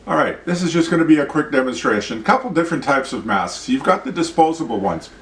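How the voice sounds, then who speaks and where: A man's voice: fairly high pitch, animated, fast talker, a bit bright. A man hosting an opinion vlog, talking bluntly with a ranting, profane manner. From Canada. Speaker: show host. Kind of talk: opinion vlog monologue and demonstration. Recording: roomy sound, mic at a distance.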